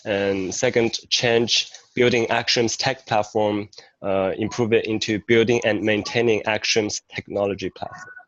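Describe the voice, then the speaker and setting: A low-pitched man walks through a proposal at an even, measured pace, his voice flat and close to the mic. The sound is dry and a little dull, like low-fidelity call audio. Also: no echo. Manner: measured, explains step by step with fillers. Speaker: meeting secretary. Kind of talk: casual meeting talk.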